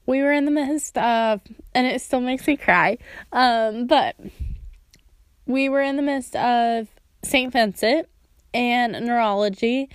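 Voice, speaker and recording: A woman's voice: a little high, clear, resonant tone, no room sound, studio quality. A woman sharing a heartfelt personal testimony, earnest and storytelling, now and then acting out remembered words.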